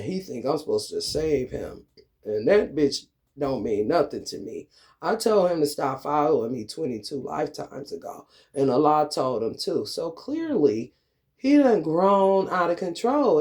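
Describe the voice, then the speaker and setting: A man vlogging a profane, confrontational rant, swaggering and taunting his targets. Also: a little high.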